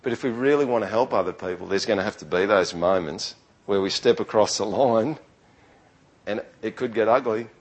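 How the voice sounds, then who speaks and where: A man delivers a sermon from the pulpit in a relaxed, chatty way. His voice sits a little low, and he talks earnestly, often stopping to restart a sentence as he goes. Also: brisk, poor audio. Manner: conversational, earnest, with frequent restarts. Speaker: pastor.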